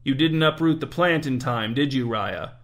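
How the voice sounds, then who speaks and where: A man doing a smudged shadowy creature with a grating voice, haughty and demanding, lording it over its servants in a storybook reading. the voice is at an ordinary pitch for a man. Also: animated, moderate pace, lightly acted. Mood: cold. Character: smudged shadowy creature, bossy, scornful master.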